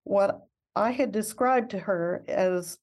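A woman's voice: medium pitch, slow pace, a little mellow. An older woman, a missionary guest in an interview, telling her story in an earnest, reflective and heartfelt way.

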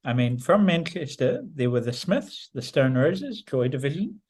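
A man's voice: medium pitch, big pitch swings, normal speed, a little mellow, husky. A man in a mid-range voice co-hosts a casual podcast. He talks in a dry, teasing way and keeps repeating himself to steer the conversation back on track. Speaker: podcast co-host.

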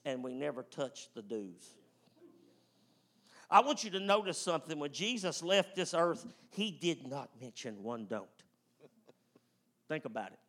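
A man preaching a fervent, emphatic sermon, swinging from loud whoops to hushed tones. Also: a little high. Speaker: pastor.

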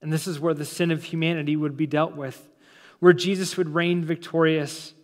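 A man, a pastor, preaching a sermon with dramatic pauses, slowing down and dropping soft for emphasis, in a church sanctuary. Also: on the high side, little pitch movement, in a large hall. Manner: dramatic preaching, slows and drops to near-silence for emphasis.

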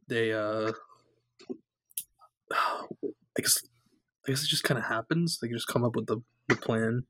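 A man chatting excitedly about a film he loves and laughing between his points. His voice is recorded dry and close, with no room sound around it. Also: mid-range voice, takes it slowly, pauses often, no room sound. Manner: enthusiastic, laughs often, gushing. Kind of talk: casual movie recap chat.

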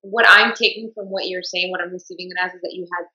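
A woman's voice: fairly low pitch, fairly even intonation, fast, sharp tone, reverberant, lo-fi sound. A woman hosting a conversation, reflecting the guest's words back to her. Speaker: host. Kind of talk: empathetic interview conversation.

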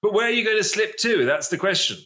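Bright, lively English host. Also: male voice, high voice, quick pace. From England. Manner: playful and teasing, with little restarts. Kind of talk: casual talk-show chat.

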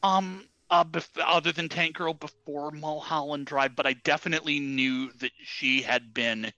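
A man co-hosting a podcast, chatting casually about movies with quick, knowing asides. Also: a little high, steady tone, bright, forceful tone, dry recording, dull audio. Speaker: podcast co-host. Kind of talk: casual movie-review chat.

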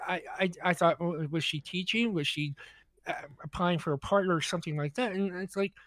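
A man with a high voice tells a long story on a podcast, animated and full of stammered restarts as he acts out what others said. The sound is dry and close, with no room around it. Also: a little fast, dry recording. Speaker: podcast co-host telling a story. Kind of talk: casual storytelling chat.

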